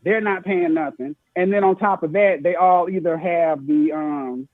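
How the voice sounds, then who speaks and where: A man's voice: sits high, fairly even intonation, normal speed, no room sound. A man calling into a talk show, venting at length with a frustrated, ranting tone. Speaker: caller. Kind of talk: call-in commentary. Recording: tinny phone line, dry.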